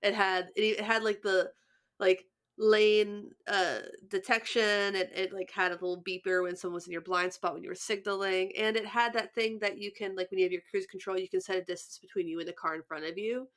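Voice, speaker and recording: A woman's voice: mid-range voice, steady tone, a little fast, a bit bright. A young woman co-hosting a podcast, chatting casually, laughing often and restarting her sentences. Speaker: podcast co-host. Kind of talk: casual chat.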